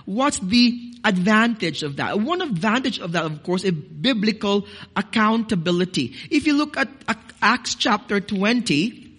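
A man's voice: sits high, expressive, unhurried, a bit bright, husky. A man, a pastor, preaching a sermon to his congregation. He cites scripture, repeats words, and stresses key phrases. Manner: addresses congregation as "dearly beloved".

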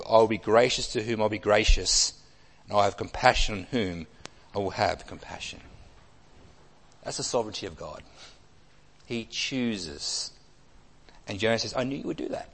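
A man preaching an expository sermon, emphatic, with wide swings between loud and soft. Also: fairly low pitch. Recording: long hall reverb.

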